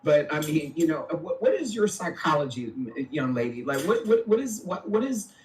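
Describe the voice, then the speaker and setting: A man in a voice chat, roasting others in a brash, mocking, drawn-out way. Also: a little high, very animated, a little mellow, recorded from a distance, slight background noise. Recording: roomy sound from off the mic.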